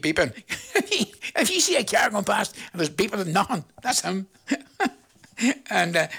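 A man's voice: a little high, creaky, bright, forceful tone. A male radio presenter with a Northern Irish accent, chatting away and sending out greetings to listeners in a rambling patter. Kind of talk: live radio chat with listener shout-outs.

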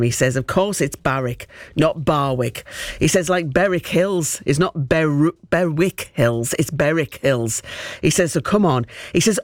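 A man's voice: on the high side, dry recording. A man presenting a local radio phone-in, chatty and reading out listener messages with a chuckle, in a studio. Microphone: studio microphone.

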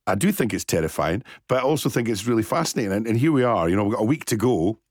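A man's voice: on the low side, expressive, racing, darkish tone, dry recording, clean studio sound. A man interviewing a comedian in a friendly, chatty way. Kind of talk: casual interview chat.

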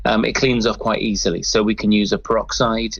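A man's voice: lowish voice, level tone, a little fast, vocal fry, a bit bright, no room sound, dull audio. A man working as a crime scene cleaner, explaining his work in an interview, often stumbling and repeating words. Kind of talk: interview guest answering.

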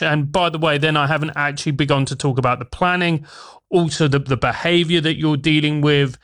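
Male guest, fairly high voice. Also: a bit bright. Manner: articulate, emphatic listing. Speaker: guest, former teacher turned comedian. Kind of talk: radio interview.

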